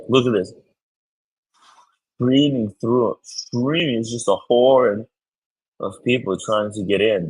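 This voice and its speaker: Male streamer, husky low voice, slow rambling chat, excitable, swears a lot. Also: rough recording. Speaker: streamer host. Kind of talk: casual live-stream chat.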